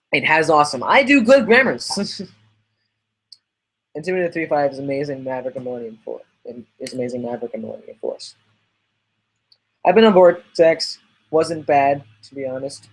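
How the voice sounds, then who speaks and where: On a casual livestream podcast, a man with a medium-pitched, slightly breathy voice reads the live chat and answers viewers' questions. He rambles in a chatty way, and the audio quality is poor.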